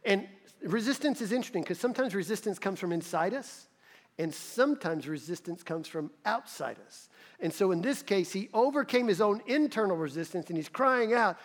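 A man's voice: high voice, lively intonation, moderate pace, big-room sound. A male pastor preaching a sermon in an earnest manner that rises to emphatic peaks.

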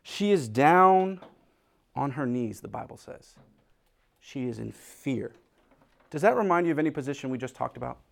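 A man preaching a sermon, emphatic, swinging between loud declarations and hushed quoted lines. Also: mid-range voice, lively intonation, moderate pace, gravelly, long pauses.

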